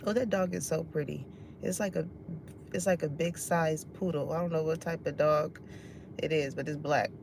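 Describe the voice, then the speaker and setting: A woman's voice: medium pitch, slight background noise. Laughing casual woman reading tarot. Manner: laughs often, sings song snippets, swears casually. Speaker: tarot reader.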